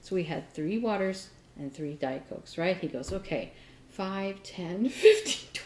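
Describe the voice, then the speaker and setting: A woman co-hosting a craft podcast, telling a story in a chatty, animated way with lots of fillers. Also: on the low side, a little slow, echoey room. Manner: chatty, animated retelling with many fillers and laughs. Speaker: podcast co-host. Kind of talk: casual storytelling chat.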